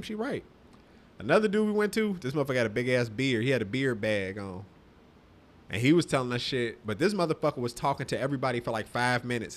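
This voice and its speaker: A man telling crude, loose stories. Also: medium pitch. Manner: loose, profane storytelling. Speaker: podcast co-host. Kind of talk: casual crude chat.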